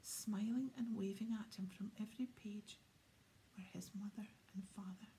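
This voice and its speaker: A woman reading an audiobook in a soft, hushed manner. Her voice is mellow and dark with a gravelly texture. A faint ambience can be heard behind her. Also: medium pitch, fairly even intonation, moderate pace, a little hiss or hum. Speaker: audiobook reader. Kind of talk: audiobook narration.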